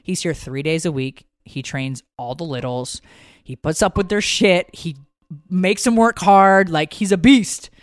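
A woman's voice: on the low side, measured pace, dry recording, studio quality. A woman co-hosting a podcast in casual chat, rambling and emotional, swearing freely. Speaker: podcast co-host.

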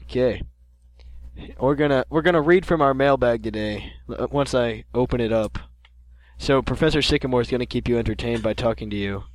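A man's voice: mid-range voice, fairly quick, dry recording. A teenage man from Canada, co-hosting a podcast in casual chat, joking and restarting his sentences as he reads listener mail. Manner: joking, rambling with repeated restarts. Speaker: podcast co-host.

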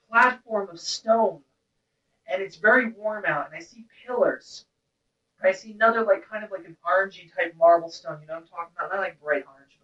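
A woman with a slightly high, fairly bright voice teaches a class with intensity and bluntness, now and then letting out wordless vocal cries. The recording sounds roomy, distant, and dull.

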